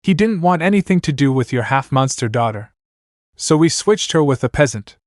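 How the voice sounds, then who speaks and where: A man's voice: medium pitch, animated, moderate pace, no echo, clean studio sound, natural voice. A man voicing a snappish, scheming female forger who whines when cornered. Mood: grudging. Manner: panicky, whiny.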